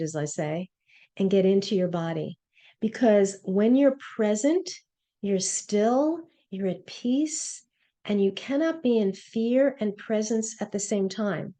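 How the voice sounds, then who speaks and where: A woman's voice: mid-range voice, warm tone. A woman giving a motivational webinar talk as a coach, telling personal stories in an earnest way. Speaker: presence coach.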